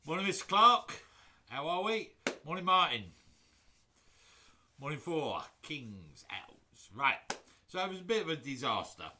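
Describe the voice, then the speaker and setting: A man's voice: on the high side, very animated, measured pace, pauses often, bright, forceful tone, slight background noise. A man hosting a woodturning livestream from his workshop, chatting casually with viewers in a jokey, rambling way. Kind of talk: casual chat greeting live viewers. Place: home workshop.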